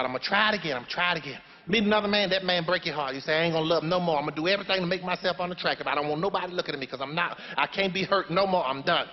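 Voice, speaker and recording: A high, natural-sounding male voice carries a stage monologue in which the man plays a preachy, sassy older grandmother handing out folksy, blunt advice like a sermon. It's performed for a live theater audience, captured dully in an echoing hall with a little hiss or hum.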